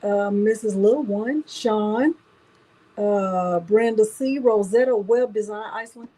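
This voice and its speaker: A woman's voice: medium pitch, slow pace, dark tone, low-quality recording. A woman hosting a casual craft livestream, chatting and greeting viewers by name one after another.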